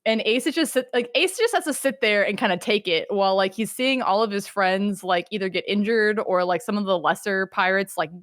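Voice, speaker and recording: A woman's voice: mid-range voice, brisk, hardly any pauses, dry recording. Lady on a chat show going off about a story, lots of cussing, dead dry mic. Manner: animated retelling with acted-out quotes, frequent swearing. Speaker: podcast co-host. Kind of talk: casual chat.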